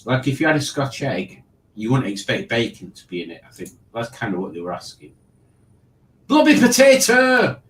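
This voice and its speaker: A man's voice: fairly low pitch, animated, brisk, reverberant, slight background noise, poor audio. A man hosting a casual online quiz, reading questions and joking about them. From Liverpool, England. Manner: wry, mocking the questions. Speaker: quiz host.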